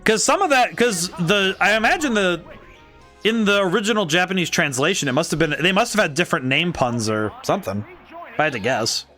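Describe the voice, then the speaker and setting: Excitable man streaming, lively voice. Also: high voice, brisk, soft background music. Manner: rambling, excitable, frequent laughs and restarts. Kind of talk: casual gameplay commentary.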